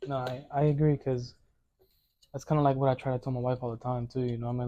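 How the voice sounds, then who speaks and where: A man's voice: mid-range voice, flat delivery, fast, dark tone, highs cut off. A young man talking earnestly and casually on a podcast, full of slang.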